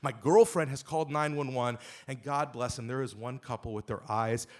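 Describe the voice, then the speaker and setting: A man telling a true story at a live storytelling event, speaking into a stage microphone with emphatic, comic delivery that rises to shouts at the punchlines. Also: mid-range voice, normal speed.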